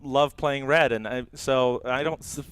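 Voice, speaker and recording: A man's voice: medium pitch, steady tone, measured pace, fairly bright tone, clear, resonant tone. A middle-aged man hosting a casual podcast, chatty and rambling with frequent laughs. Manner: rambling, laughs often, many fillers. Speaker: podcast host.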